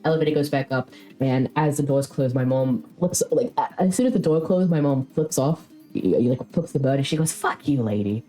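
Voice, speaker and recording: A woman's voice: low-pitched, brisk, faint music behind. A young woman streamer casually telling a long story, rambling and swearing freely as she goes. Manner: rambling, frequent swearing, lively retelling.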